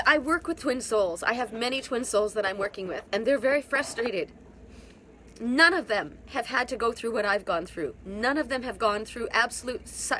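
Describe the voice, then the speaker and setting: A woman's voice: medium pitch, pushed and bright, a little hiss or hum. A woman giving a live spiritual talk as a reader, crying, earnest and emotional, often repeating her phrases. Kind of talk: live-streamed spiritual monologue.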